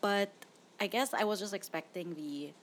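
Chatty and opinionated, a young movie-review podcast host laughs a lot as she talks casually. She has a mid-range voice and a moderate pace.

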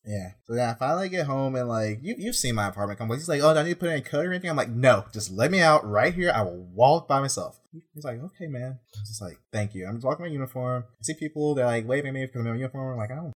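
A young man, a prison officer, telling a rambling, exasperated story in casual chat with deadpan asides. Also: mid-range voice, racing, hardly any pauses, slightly rough.

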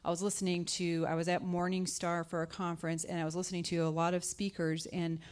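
A guest speaker, a woman talking quickly with little pitch movement, preaches a conversational sermon. She asks the listeners questions and acts out scripture voices with jumps in pitch.

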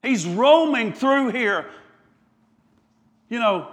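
High-voiced impassioned male preacher. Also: normal speed, a bit bright, long reverb tail. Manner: impassioned, piling up repeated phrases, with stumbles and restarts. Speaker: pastor. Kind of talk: sermon. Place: church.

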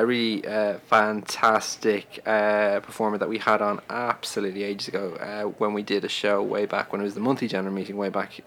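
A man's voice: on the low side, creaky, a bit bright. A man hosting a casual podcast, talking hesitantly with many fillers and self-deprecating asides. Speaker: podcast host.

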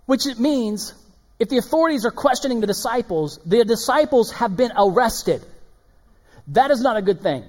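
A man preaching a sermon as pastor, animated and swinging between loud emphasis and hushed asides. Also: high voice, a little fast. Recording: long hall reverb.

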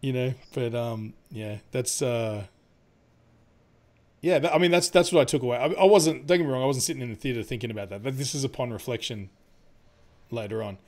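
A man's voice: medium pitch, a little fast, darkish tone. A young adult man chatting casually about a film, rambling with lots of fillers, laughing often and swearing freely. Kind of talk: casual movie review chat.

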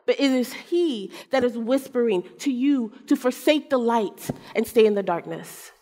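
A woman preacher telling a personal story in a sermon, animated and self-mocking, acting out the people in it. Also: a little high, normal speed. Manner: animated, acts out quotes, self-mocking humor. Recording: long hall reverb.

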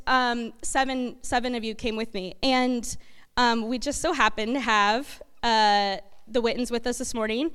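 A woman giving a talk to her church congregation, halting and full of fillers. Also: a little high, fairly bright tone, smooth. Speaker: church speaker. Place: church hall. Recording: echoey hall reverb.

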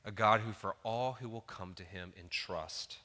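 Male pastor, thirties, earnest conversational sermon, bright forceful tone, lowish voice. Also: moderate pace, big-room sound. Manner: earnest, conversational preaching with rising emphasis.

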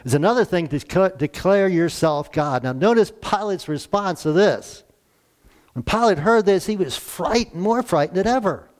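A man's voice: on the high side, darkish tone. A man preaching a conversational sermon, retelling scripture and voicing the people in it.

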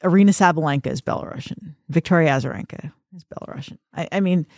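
A woman's voice: low-pitched, quick pace, a little mellow, dry recording, clean studio sound. A woman hosting a tennis podcast, chatting casually and with strong opinions, often laughing. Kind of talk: casual chat.

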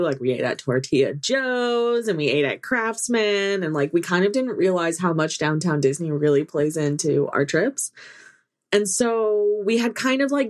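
A woman co-hosting a podcast, telling stories in casual chat with laughs and restarts. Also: low-pitched. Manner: animated storytelling with laughs and restarts. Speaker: podcast co-host.

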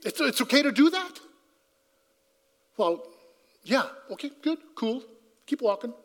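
High-voiced man telling a testimony. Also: very animated, a little slow, long reverb tail. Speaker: speaker giving a personal testimony. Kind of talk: conversational storytelling testimony.

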